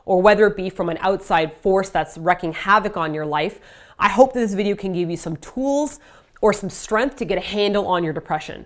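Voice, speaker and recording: A woman in her thirties talking candidly in a personal vlog, open and self-deprecating with small jokes. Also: fairly low pitch. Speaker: vlogger.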